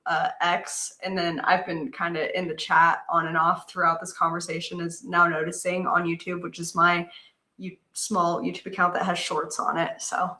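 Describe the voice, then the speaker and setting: Bright-voiced woman rambling on a video call. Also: on the low side, reverberant. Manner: rambling, filler "like" heavy. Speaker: guest. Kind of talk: casual interview retelling.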